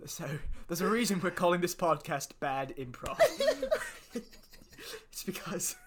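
A man's voice: a little high, moderate pace. An American man co-hosting a casual comedy podcast, talking in a rambling, self-deprecating way with lots of fillers, recorded from a bedroom. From United States. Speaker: podcast co-host.

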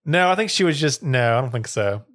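A man's voice: mid-range voice, animated, brisk, fairly bright tone. Rambling, laid-back male storyteller. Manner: rambling storytelling, full of "like" and "or whatever". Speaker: podcast co-host, storyteller. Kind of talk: casual chat.

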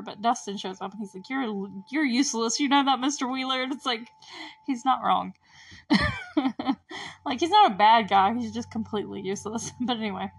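A woman hosting a podcast, recapping an episode in a rambling way with lots of fillers and laughs. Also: medium pitch. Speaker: podcast host.

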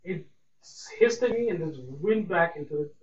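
A man's voice: high voice, expressive, moderate pace. A young man hosting a casual solo podcast, rambling and repeating words like "really" and "man". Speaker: podcast host. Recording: echoey room, distant mic, dull lo-fi sound, faint hiss.

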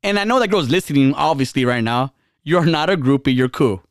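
A male podcast host tells an animated bar story in casual conversation, speaking a little fast. Each time he mimics someone else's words his pitch jumps up, and the audio is close and dry, free of room echo.

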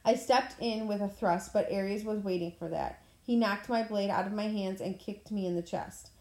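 Brief: woman reading a story aloud, mellow dark tone, roomy echo, plain delivery. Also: mid-range voice, normal speed. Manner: plain reading, clears throat now and then. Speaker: audiobook reader. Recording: echoey room.

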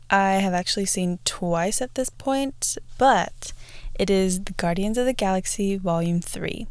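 A woman's voice: mid-range voice, normal speed, darkish tone, smooth, dry recording. A young woman in her twenties hosting a podcast, chatting casually about movies with many fillers and restarts. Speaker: podcast host. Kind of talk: casual movie review chat.

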